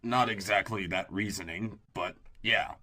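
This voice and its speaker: A man's voice: lowish voice, fairly even intonation, measured pace, bright, forceful tone. A man doing a guarded, terse young man. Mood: explaining. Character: guarded young man, secretive former bodyguard.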